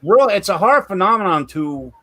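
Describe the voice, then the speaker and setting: A man's voice: high-pitched, sing-song, normal speed, a bit bright, no echo. A man hosting a paranormal podcast, talking casually and restarting his sentences often. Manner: chatty, repeats words when starting sentences. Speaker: podcast host. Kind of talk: casual chat.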